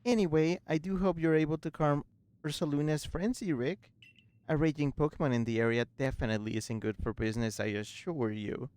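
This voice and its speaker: A man's voice: fairly high pitch, a little fast, darkish tone, clean tone, no room sound, natural voice. A man reading a courteous merchant. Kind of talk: reading game dialogue aloud.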